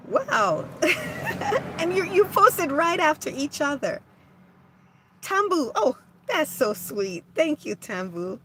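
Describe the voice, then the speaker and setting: Soft-spoken, slow woman host. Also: high voice, sing-song, slight background noise. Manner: gentle, warm-hearted, hesitant with restarts. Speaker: livestream host. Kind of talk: casual livestream chat reading comments.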